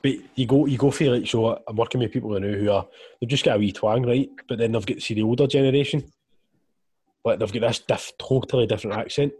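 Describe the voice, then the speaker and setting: A man's voice: medium pitch, mellow, husky, dry recording. A Scottish man co-hosting a podcast over a video call, swearing freely and joking at his own expense. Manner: quick, swears freely, self-mocking.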